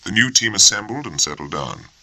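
Deep gravelly guy reading an audiobook, husky and expressive. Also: no echo, low-quality recording. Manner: measured, expressive storytelling. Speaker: audiobook narrator. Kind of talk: scripted narration.

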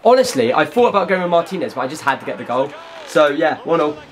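Excitable young man, lively pitch. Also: fast. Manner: excitable, chatty, bursts into shouts. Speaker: gaming YouTuber. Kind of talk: excited live gameplay commentary.

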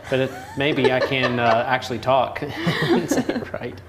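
A man's voice: mid-range voice, sing-song, unhurried, a little hiss or hum. A man with a Southern American accent, a painting instructor chatting casually while he paints, rambling and laughing often.

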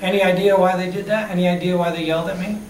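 A man's voice: high-pitched, steady tone, racing, darkish tone. A man giving a motivational talk on customer service, telling personal stories and asking the audience questions, recorded from a distance in a room. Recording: echoey room, distant mic, faint hiss.

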